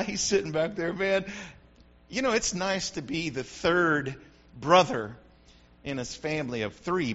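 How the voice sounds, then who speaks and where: A man preaching a sermon to his congregation, telling stories with animation and often calling out "Amen?" to the room. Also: a little high. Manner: animated storytelling, frequent call-outs to the congregation. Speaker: pastor. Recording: dull lo-fi recording.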